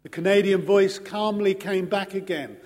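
A man preaching a sermon in an earnest, measured way, pausing slowly for emphasis. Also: sits high, steady tone, darkish tone. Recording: long hall reverb.

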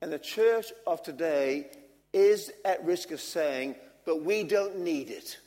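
A man preaching a sermon, earnest and measured, driving his points home with repetition. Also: a little high, darkish tone. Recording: long hall reverb.

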